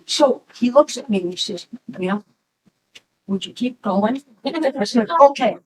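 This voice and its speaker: A middle-aged woman, a mother, telling a halting, animated story at a memorial gathering. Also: medium pitch, poor audio. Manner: slow, halting, animated when quoting. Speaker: mother of the deceased.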